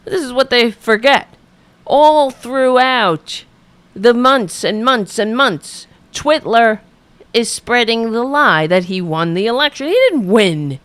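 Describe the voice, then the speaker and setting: A woman's voice: on the high side, slow, a bit bright, dry recording. A woman hosting a political podcast, ranting angrily and profanely at a played clip with sarcasm. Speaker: podcast host. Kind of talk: angry political commentary.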